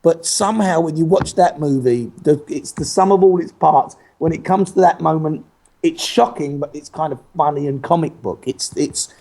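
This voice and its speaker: A man's voice: fairly high pitch, normal speed, vocal fry, warm tone. A man, an actor talking as a guest in a casual interview, who laughs often and keeps restarting his sentences in a playful way.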